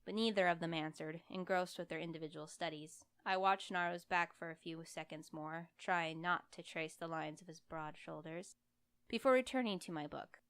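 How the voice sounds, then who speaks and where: Woman narrator for a story, low and smooth, wry and lively. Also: normal speed, no room sound. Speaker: audiobook reader. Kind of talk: first-person fiction reading.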